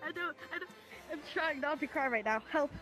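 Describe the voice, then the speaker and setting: A man's voice: very high voice, fairly quick, sharp tone, faint music behind, voice pushed up, poor audio. A man voicing a frightened young child who talks in a shaky voice close to tears. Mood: tearful.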